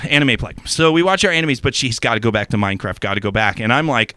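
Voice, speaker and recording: A middle-aged man with a bright, crisp voice, spinning crude comic anecdotes full of swearing. He hams up the voices of the people in his stories. The sound is dry and close, with no room in it. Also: medium pitch, fast talker, few pauses, no room sound. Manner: profane, animated, acts out voices in his anecdotes.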